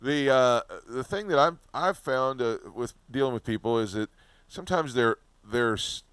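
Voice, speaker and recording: A man hosting an interview, asking halting questions and reading an upbeat book offer. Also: mid-range voice, a bit bright, clear, resonant tone, no echo. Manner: hesitant questions with fillers and restarts, upbeat promo reads. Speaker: host.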